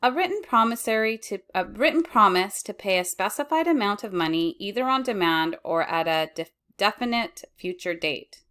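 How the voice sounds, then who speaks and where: A woman teaching accounting, reading lecture slides in a measured way and correcting herself as she goes. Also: mid-range voice, animated, pushed and bright, smooth. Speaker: accounting instructor.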